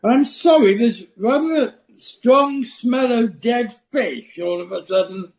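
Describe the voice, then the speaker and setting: Woman doing a pompous little frog prince, slow and theatrical, kinda muffled radio play sound. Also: a little high, darkish tone. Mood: prim. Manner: theatrical, fussy and pleading. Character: frog prince, young male, hopeful and pompous. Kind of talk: amateur radio play acting.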